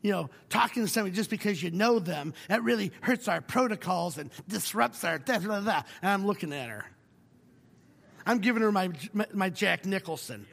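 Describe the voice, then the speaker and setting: A middle-aged male pastor preaching a sermon, telling a personal story with wry humor and moving between hushed and emphatic delivery. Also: high voice, expressive, brisk, vocal fry, long reverb tail.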